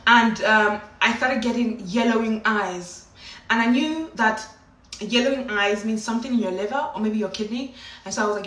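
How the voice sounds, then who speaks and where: A woman vlogger tells her story in a lively, dramatic way, her voice a little high and bright. The sound carries a roomy echo from a mic set back at a distance. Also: normal speed. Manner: animated, dramatic, often laughing. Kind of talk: casual storytelling to camera.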